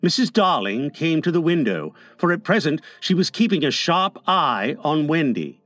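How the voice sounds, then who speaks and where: A man narrating an audiobook in an expressive, playful storytelling manner. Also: fairly high pitch, moderate pace, no echo, soft background music.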